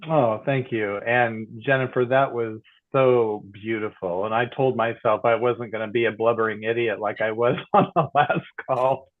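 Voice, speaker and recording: A man in his sixties telling a personal story on a panel, emotional and halting, over a video call. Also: mid-range voice, fairly even intonation. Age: 60s. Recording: tinny phone-like line.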